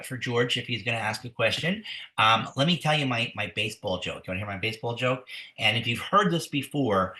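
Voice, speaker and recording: A man's voice: lowish voice, bright, forceful tone. A man educator hosting a webinar, telling a joke in a folksy, rambling way with restarts. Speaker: museum educator. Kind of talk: webinar presentation. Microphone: webinar computer mic. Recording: echoey room.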